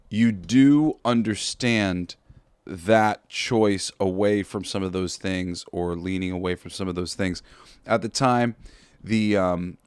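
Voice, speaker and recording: Slow, low-voiced man hosting a podcast. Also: dry recording, studio quality. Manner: halting and tongue-tied, with frequent restarts; earnest, with blunt casual swearing. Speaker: podcast host. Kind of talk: casual podcast commentary.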